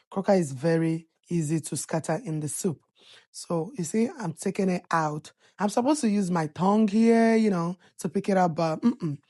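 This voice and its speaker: A woman's voice: medium pitch, warm tone. A woman hosting a cooking channel, chatting playfully in a casual voice-over as she explains each step of her cooking. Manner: chatty and playful, teasing viewers with laughs.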